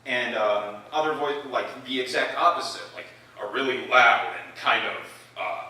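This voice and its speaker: A man's voice: mid-range voice, unhurried, few pauses, pushed and bright. A young man talking casually and hesitantly to an open mic audience. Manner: hesitant, filler-heavy. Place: open mic event, indoor hall. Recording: echoey hall, mic far off.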